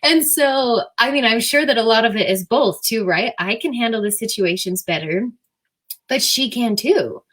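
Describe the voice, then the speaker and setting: A woman in her thirties, a guest in an interview, telling her stories in a chatty, animated way with lots of fillers. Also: on the high side, moderate pace. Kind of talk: casual interview chat.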